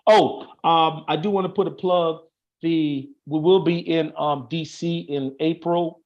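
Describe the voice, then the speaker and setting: A man's voice: on the high side, steady tone, measured pace, muffled recording. A man explaining things in casual chat, earnest and stopping to restart his sentences often. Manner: earnest, thinks aloud with many restarts and fillers. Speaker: Masonic officer, guest on an online show.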